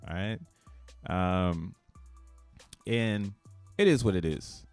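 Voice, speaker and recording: A man giving casual, excitable live-stream commentary, thinking aloud and swearing freely in slangy talk. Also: fairly low pitch, takes it slowly, vocal fry, long pauses, faint music behind. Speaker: crypto streamer.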